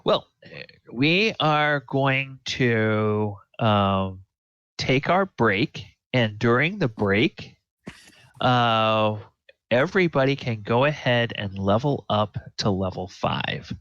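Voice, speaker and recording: Slow, halting man running the game. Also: medium pitch, animated, a bit bright, no room sound. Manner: slow, halting, many fillers. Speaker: game master. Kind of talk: narrating a tabletop game. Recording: dull lo-fi audio.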